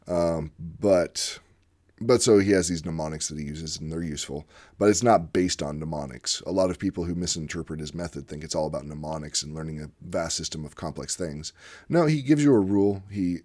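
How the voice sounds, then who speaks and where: Male host, very low voice, casual unscripted monologue, rambling and eager. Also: darkish tone. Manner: rambling and enthusiastic, with frequent fillers. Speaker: channel host discussing language teaching; former literacy teacher.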